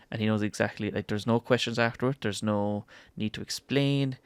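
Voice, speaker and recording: An Irish man talking as a podcast guest in casual chat, soft-spoken, reflective and a little halting. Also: lowish voice, fairly even intonation, smooth, dry recording.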